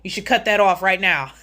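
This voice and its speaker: This is a woman with a medium-pitched, slightly bright voice. She's running a casual stream, voicing chat messages, saying hello to viewers by name, and trading sarcastic jokes while laughing a lot.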